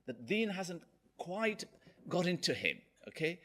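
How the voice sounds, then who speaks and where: A man's voice: high voice, sing-song, measured pace, fairly bright tone. A man giving a Friday sermon as a preacher, telling a story animatedly and often checking in with "okay?".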